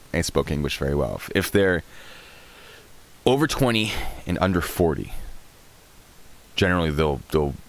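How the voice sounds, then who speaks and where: A man in his thirties hosting a live stream, chatting casually and rambling while answering chat questions. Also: deep voice.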